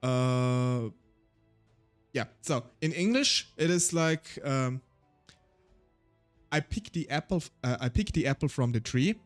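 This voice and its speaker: A man's voice: medium pitch, animated, slow pace, pauses often, soft background music. A man with a German accent, a native German speaker, chatting casually on a solo stream in a rambling, self-deprecating way.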